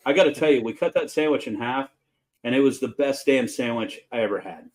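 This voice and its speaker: A man's voice: mid-range voice, a little fast, rough recording. A middle-aged man, a chef hosting his show, telling a casual, folksy story about his early restaurant jobs. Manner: folksy, animated storyteller with fillers.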